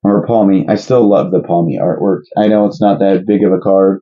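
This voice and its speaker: A man's voice: sits low, normal speed, few pauses, dull audio. A man hosting a casual card-opening video, joking and guessing playfully. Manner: playful, jokey, excitable guessing. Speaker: channel host opening card packs. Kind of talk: casual chat.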